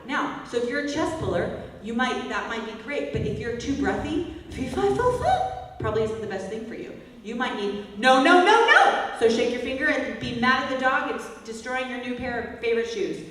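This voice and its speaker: Woman, vocal coach, energetic demonstrations, distant mic, very echoey hall. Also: on the high side, brisk, slight background noise. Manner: energetic, demonstrates loud whiny and bratty exercise calls. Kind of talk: workshop teaching with vocal demonstrations. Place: large echoey hall, workshop. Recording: echoey hall, voice from far off, faint music.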